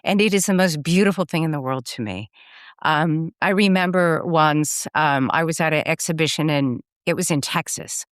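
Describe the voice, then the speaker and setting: A woman's voice: deep voice, moderate pace, no room sound, studio quality. A woman guest photographer answering interview questions earnestly and thoughtfully, often repeating words as she searches for them, over a video call.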